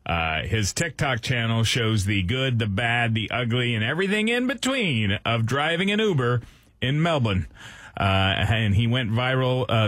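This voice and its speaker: A man's voice: medium pitch, fairly bright tone, no echo. A man co-hosting a morning radio show, bantering playfully and teasing his partner. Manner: playful, teasing, laughs often. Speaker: radio co-host. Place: radio studio.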